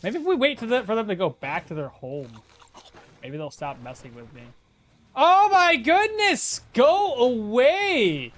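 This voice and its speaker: Exasperated streamer man, lively voice. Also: fairly high pitch, brisk. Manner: exasperated, laughing, talks to chat. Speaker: game streamer. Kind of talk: casual live-stream commentary.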